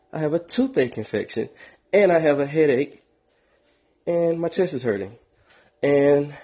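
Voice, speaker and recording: A man's voice: mid-range voice, warm tone, husky. A man, a music producer, casually telling a story about being sick with a sinus infection. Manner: laid-back, acts out calls.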